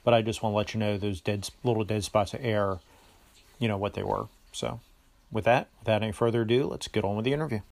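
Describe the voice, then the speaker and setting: A man hosting a podcast, giving a relaxed, joking introduction. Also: fairly low pitch, fast, vocal fry. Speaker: podcast host.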